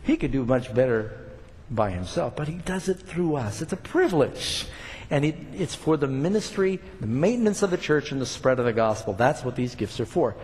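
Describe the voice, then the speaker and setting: A man's voice: mid-range voice, big pitch swings, normal speed, darkish tone. Older man preaching in a reverberant hall. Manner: conversational preaching with rising emphatic points. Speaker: pastor. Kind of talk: sermon.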